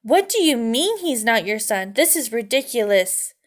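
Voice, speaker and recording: A woman's voice: fairly high pitch, very animated, normal speed. A woman voicing a vain, dismissive mother mouse with French airs in a storybook read-aloud, sounding exasperated and scoffing. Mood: indignant.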